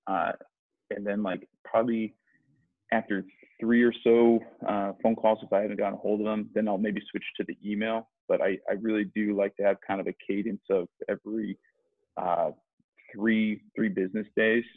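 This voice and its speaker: A man's voice: lowish voice, level tone, moderate pace, no room sound. A man, a sales rep, talking casually as a podcast guest, rambling with many restarts. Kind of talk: conversational interview. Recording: tinny phone-like line, dry.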